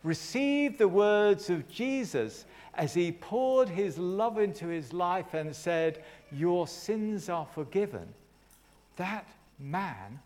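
A male preacher tells a story from the pulpit, his pitch swinging widely as he acts it out. He takes his time and draws each phrase out slowly. His voice sits a little higher than most men's. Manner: animated, dramatic retelling with asides to the congregation. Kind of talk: storytelling sermon.

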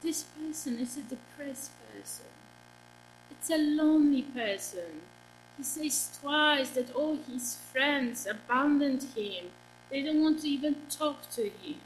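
Slow, high-voiced woman preaching. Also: expressive, a little hiss or hum, poor audio. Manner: earnest, asks the congregation questions. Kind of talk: sermon.

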